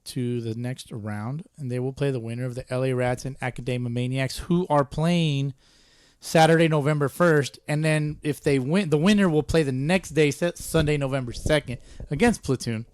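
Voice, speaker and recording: A man's voice: mid-range voice, normal speed, smooth, no room sound, studio quality. A man hosting a casual podcast chat, laid-back and profane, going over league scores and playoff news. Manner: laid-back, swears, laughs loudly. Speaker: podcast host. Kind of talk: casual chat about amateur baseball.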